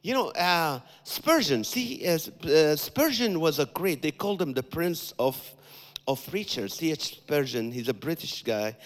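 A man's voice: on the high side, long reverb tail. A man, a comedian giving a guest sermon, talking animatedly, acting out people's thoughts and repeating phrases for emphasis. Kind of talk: sermon with comic asides.

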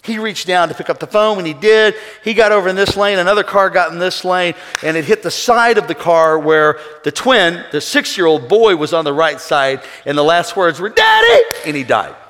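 A man preaching a sermon as pastor, swinging between quiet passages and shouted calls for praise. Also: high-pitched, moderate pace, hardly any pauses. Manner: preaching with shouted call-and-response bursts and acted quotes. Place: church sanctuary. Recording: reverberant hall with congregation.

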